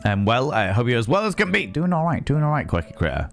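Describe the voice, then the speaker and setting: With a medium-pitched, sing-song voice and a quick pace, a male streamer who does some voice acting swears his way through a casual livestream chat. He rants emphatically, restarting mid-sentence and repeating phrases, as soft music plays underneath.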